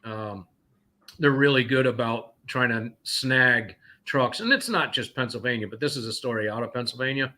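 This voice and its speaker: A man's voice: mid-range voice, normal speed, pushed and bright. A man from North Carolina, a trucker and guest, talking indignantly and rambling with many fillers. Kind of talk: casual call-in talk, telling stories.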